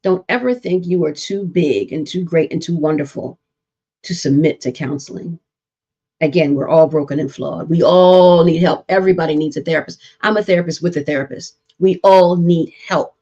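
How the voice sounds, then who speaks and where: A woman's voice: low-pitched, normal speed, mellow, breathy edge, highs cut off. A woman therapist hosting a live-streamed relationship talk, speaking earnestly and repeating points with preacher-like emphasis. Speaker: therapist and show host.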